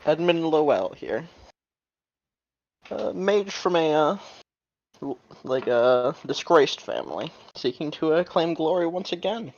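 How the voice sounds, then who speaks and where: A man plays in an online tabletop game and introduces his character in a loud, hurried way. His voice sits fairly high. The sound is dry and dull, from a lo-fi mic. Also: animated, no echo. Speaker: player.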